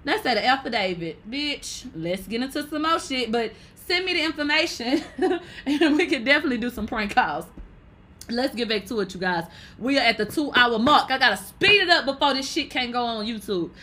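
A woman hosting a casual livestream, reading viewer comments aloud in a brash, profane way and laughing loudly often. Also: fairly high pitch, animated, moderate pace. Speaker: livestream host.

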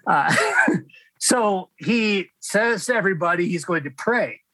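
A man's voice: sits high, expressive, slow pace, bright, forceful tone, no echo, poor audio. A middle-aged man hosting a casual podcast discussion, chatty and laughing often. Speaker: podcast host.

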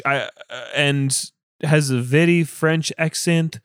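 A man's voice: fairly high pitch, fairly even intonation, takes it slowly, hardly any pauses, clear, resonant tone, dry recording, studio quality. A man co-hosting a casual movie review chat, talking in a loose, rambling way with swearing and fillers. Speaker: podcast co-host.

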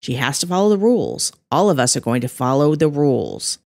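A woman voicing a steady, practical man who speaks flatly and firmly. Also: rumbling low, fairly quick, gravelly, no room sound, studio quality, exaggerated voice. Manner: flat, firm. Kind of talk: audiobook character voice.

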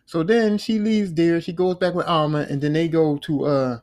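A man with a voice a touch higher than most talks through a series on his podcast. His retelling is loose and slangy, full of swearing, and he keeps slipping into the characters' lines as he tells it. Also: steady tone, moderate pace, a little mellow. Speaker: podcast host. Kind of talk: casual show recap.

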